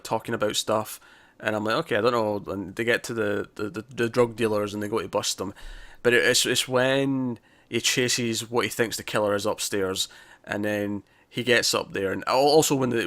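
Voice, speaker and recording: Male co-host, rambling casual reviewer, gravelly low voice, dry close sound. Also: a bit bright, no echo. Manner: rambling, lots of restarts and quoted dialogue. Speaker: podcast co-host reviewing a TV episode.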